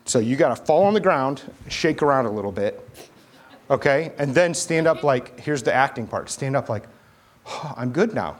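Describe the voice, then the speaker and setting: A male pastor preaching a sermon, animated, acting out voices and asking the crowd questions. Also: mid-range voice, moderate pace.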